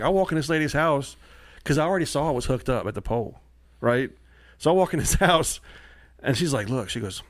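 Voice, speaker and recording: A man telling wild stories in casual podcast chat, profane and animated, acting out the people he quotes. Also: mid-range voice, fairly quick, dry recording. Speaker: comedian guest. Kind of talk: casual storytelling.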